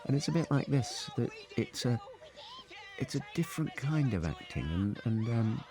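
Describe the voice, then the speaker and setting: A man's voice: medium pitch, big pitch swings, moderate pace, music in the background. An older man, an actor, chatting casually on a film commentary, rambling and repeating words as he thinks. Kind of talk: relaxed commentary chat. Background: film soundtrack playing.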